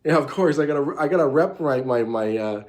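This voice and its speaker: A man's voice: a little high, lively intonation, brisk, a little mellow. A man hosting a casual late-night livestream from a hotel room, rambling and swearing with many restarts. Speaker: show host.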